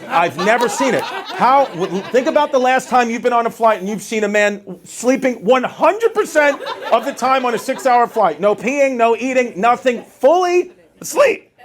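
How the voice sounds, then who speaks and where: A stand-up comedian with a very high voice, telling animated, exasperated stories on a club stage. A crowd laughs clearly behind him throughout the live set. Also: male voice, moderate pace.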